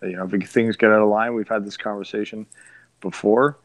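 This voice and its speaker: A man's voice: on the low side, steady tone, no echo, poor audio. A man talking casually about his son, rambling with frequent restarts. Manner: rambling, halting, many restarts. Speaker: parent discussing his son. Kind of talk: casual podcast chat.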